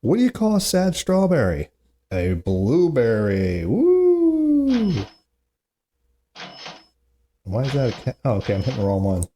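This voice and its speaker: A man's voice: mid-range voice, sing-song, fast talker, hardly any pauses, mellow, a little hiss or hum. Man groaning at his own corny jokes. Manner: self-mocking, groans at his own bad jokes, chatty asides. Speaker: podcast host. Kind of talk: solo comedy podcast, reading corny jokes.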